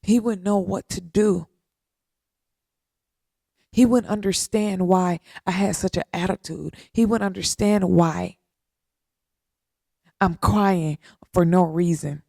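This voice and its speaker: Slow, gravelly woman speaking earnestly. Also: on the low side, fairly even intonation, mellow, no echo, studio quality. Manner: earnest, repetitive, with long pauses. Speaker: podcast host. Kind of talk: slow heartfelt faith-based talk.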